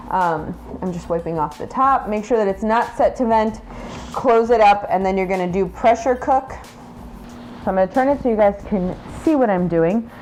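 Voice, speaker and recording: A woman's voice: medium pitch, darkish tone, slight background noise. A woman vlogger chatting casually as she walks through cooking steps, with joking asides.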